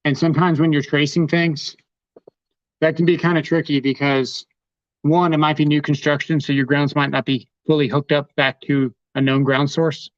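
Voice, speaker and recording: A man's voice: fairly high pitch, flat delivery, moderate pace, no room sound. A man hosting a live tool demonstration, talking casually while he handles his gear. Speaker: host demonstrating tools. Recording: dull lo-fi livestream audio.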